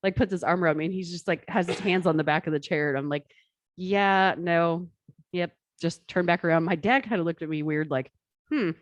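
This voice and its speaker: A woman co-hosting a podcast, telling stories in a profane, animated way. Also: deep voice, quick pace, few pauses, dry recording. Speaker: podcast co-host. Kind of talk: casual chat.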